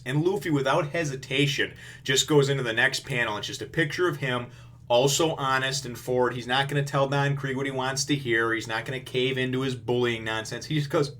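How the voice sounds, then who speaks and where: A man's voice: mid-range voice, fairly quick, a bit bright. A man reviewing a manga chapter in a casual, rambling way, full of fillers and blunt, profane remarks.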